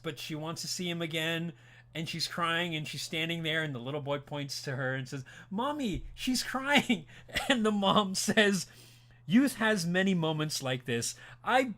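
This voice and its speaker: An older man hosts an anime stream in a loose, rambling way, often restarting his sentences and chuckling as he answers his chat. His voice sits a little high for a man, and his tone stays lively and talkative. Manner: animated, chatty, rambling with frequent restarts; laughs while talking, reads chat aloud. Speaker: podcast host. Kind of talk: casual livestream chat.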